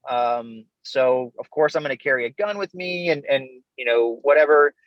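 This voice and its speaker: A man's voice: medium pitch, expressive, moderate pace, no echo. A man who is a guest on a podcast, telling his story in an easygoing, chatty way and laughing often. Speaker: interview guest, Army veteran. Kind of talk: casual storytelling in an interview. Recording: dull, dry remote call audio.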